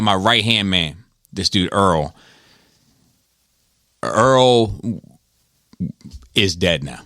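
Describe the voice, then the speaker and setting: Brief: deep-ish male podcast host, loose, rambling, swears a lot, dry mic. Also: a bit bright, smooth, dry recording. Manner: rambling, profane, many fillers. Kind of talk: casual storytelling.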